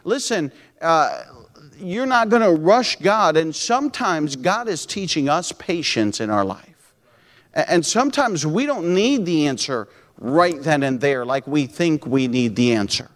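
A man's voice: fairly high pitch, very animated, measured pace. A man preaching a sermon as pastor, with emphatic, impassioned delivery in a church. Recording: echoey hall reverb.

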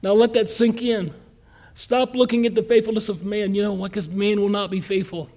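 A pastor preaching a sermon in a folksy, earnest way, slowing down to stress key lines and speeding through quick asides. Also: male voice, high voice, steady tone, a little mellow.

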